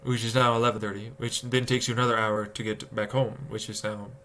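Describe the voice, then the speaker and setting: Bright-voiced ranting male streamer. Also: on the low side, brisk, slight background noise. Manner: animated, profane, ranting, acting out exasperated inner voices. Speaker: livestreamer. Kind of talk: casual rant to stream chat.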